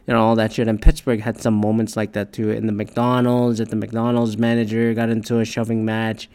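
A man's voice: fairly low pitch, completely flat delivery, brisk, darkish tone, clean tone. Male ranter, casual and profane, rambling with lots of restarts. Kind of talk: casual ranting monologue. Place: Detroit area.

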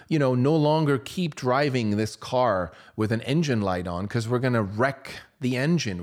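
Low-pitched man, earnest motivational speaker, persuasive with rhetorical questions. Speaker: parent giving a talk on parenting. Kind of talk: motivational monologue.

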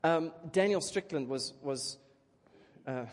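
A man preaching a sermon in an animated, chatty way, often checking in with the crowd. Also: fairly high pitch, a little slow. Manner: animated, chatty, keeps asking "okay?". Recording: long reverb of a large hall.

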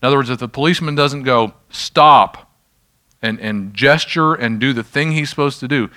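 A man's voice: medium pitch, fast, pushed and bright. A middle-aged man preaching a sermon, telling stories in a conversational way and adding self-deprecating asides as he leads a healing ministry. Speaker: pastor leading a healing ministry.

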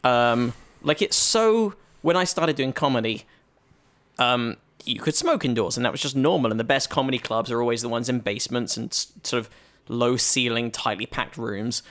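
This British comedian, a guest on a podcast, has a medium-pitched, slightly bright voice and a moderate pace. Chatting casually, he wanders through a story, restarting it again and again.

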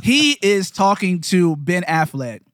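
High-voiced man telling a lively story. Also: slow, no room sound, studio quality. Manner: animated storyteller who acts out quotes. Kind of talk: casual storytelling conversation.

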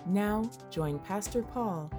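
A woman's voice: medium pitch, takes it slowly. Female announcer over music. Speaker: program announcer. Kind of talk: scripted broadcast introduction.

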